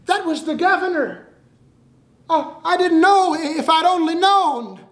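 Man playing a young prisoner, anguished cries, high strained voice, echoey room. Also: expressive, unhurried, a bit bright, exaggerated voice. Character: condemned young man, desperate and remorseful. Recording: roomy echoing hall.

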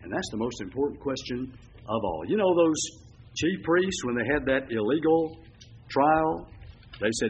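Older male preacher, emphatic sermon delivery with big pitch swings, slightly dull church recording. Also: animated, normal speed. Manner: emphatic preaching, swinging from loud declarations to low asides.

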